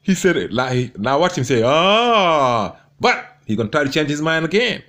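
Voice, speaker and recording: A man's voice: fairly high pitch, animated, fairly quick, a bit bright. A man commenting on a debate, gloating and mocking his opponent with much repetition. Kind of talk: commentary over debate clips.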